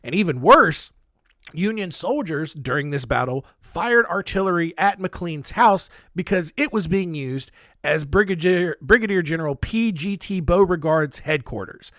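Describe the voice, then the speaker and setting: A man's voice: a little high, lively intonation, a little slow, a bit bright, no echo, studio quality. A man hosting a casual history podcast, telling stories in a rambling way with self-deprecating asides, holding his own microphone. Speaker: podcast host. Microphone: handheld microphone.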